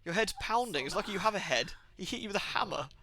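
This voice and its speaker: Chatty streamer with a Midlands-Southwest accent. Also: male voice, high-pitched, expressive, quick pace, pushed and bright, a little hiss or hum. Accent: mix of Birmingham and Southwest England. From England. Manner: chatty, jokey, laughs often. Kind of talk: casual gaming commentary.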